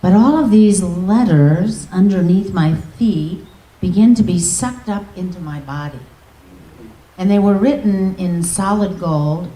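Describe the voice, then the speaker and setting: A woman minister telling an emotional testimony in a storytelling manner, often dropping to a soft, near-whispered voice. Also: lowish voice. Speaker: guest minister. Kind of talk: testimony preaching. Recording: echoey hall, distant mic.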